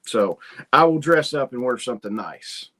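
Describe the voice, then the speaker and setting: A man's voice: medium pitch, lively intonation, moderate pace, a bit bright. Folksy rambling male homestead host. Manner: rambling, folksy storytelling with quoted asides. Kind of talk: casual livestream chat reading comments.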